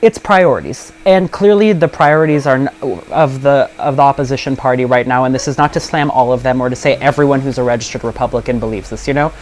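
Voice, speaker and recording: A man's voice: mid-range voice, quick pace, few pauses, faint music behind. A young man, a guest on a local podcast, speaking earnestly and passionately, with frequent "um" and "like". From Southern California. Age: young adult. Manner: earnest, passionate, many fillers. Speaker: guest, local party chair. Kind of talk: casual podcast interview.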